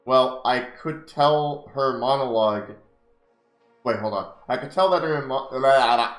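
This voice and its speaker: Slow, profane man reading a book aloud. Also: mid-range voice. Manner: profane, heated rants between passages. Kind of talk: casual book reading with commentary. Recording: roomy home recording with faint music.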